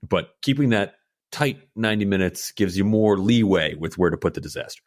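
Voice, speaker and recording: A deep-voiced man co-hosts a casual film podcast, recorded dry and close with no room sound. He picks apart a movie's pacing in a measured, thinking-aloud way, often restarting his words. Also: expressive, no echo. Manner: measured, analytical, repeats words while thinking. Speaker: podcast co-host. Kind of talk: casual film review chat.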